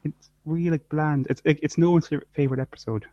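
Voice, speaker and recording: A man's voice: fairly high pitch, fairly even intonation, fast, dark tone, dry recording. Dry, rambling man on a lo-fi mic. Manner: dry, rambling, lots of fillers and trailing off. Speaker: podcast co-host. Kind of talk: casual chat.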